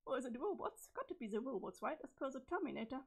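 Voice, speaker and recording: A woman voices an eager, easily awed teenage boy in a webcomic read-aloud. He bursts out in quirky old-fashioned exclamations, the voice high and husky. It sounds a little strained. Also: very animated, fast, heavily acted. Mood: excited. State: strained, failing voice. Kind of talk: reading a webcomic's chat logs aloud.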